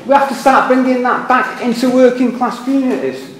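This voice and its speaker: An older man with a Liverpool accent speaks at a public meeting, earnest and a little rambling, breaking off for wry asides about himself. His voice sits unusually high for a man. The sound carries a strong echo from the hall. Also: fairly even intonation, fairly quick, a little hiss or hum. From England. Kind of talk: impassioned public speech.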